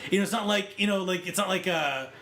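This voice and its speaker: Man, podcast co-host, casual film chat, animated, high-pitched voice. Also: quick pace. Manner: animated, acts out scenes in quotes.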